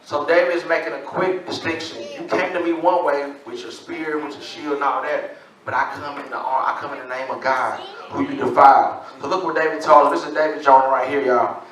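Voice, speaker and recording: Pastor, male, high bright voice, loose slangy sermon, echoey hall. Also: fairly even intonation, fairly quick. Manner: casual slang-filled preaching. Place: church. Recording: echoey church from a distance.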